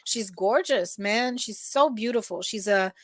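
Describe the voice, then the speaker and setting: A woman co-hosting a casual morning chat, talking in a relaxed, rambling way with many restarts. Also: mid-range voice, unhurried, no room sound, clean studio sound. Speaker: co-host.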